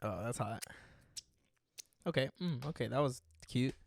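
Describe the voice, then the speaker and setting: A man's voice: medium pitch, a little slow, gravelly, no echo, studio quality. A young man co-hosting a casual podcast, teasing his friend, swearing freely and leaning on filler words. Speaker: podcast co-host. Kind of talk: casual chat.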